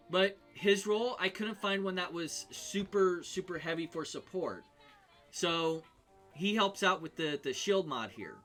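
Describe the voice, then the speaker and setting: On a live game stream, a man casually talks through a character build, thinking aloud with lots of ums and restarted sentences. His bright, forward voice sits a bit high with lively intonation, and faint music plays beneath him.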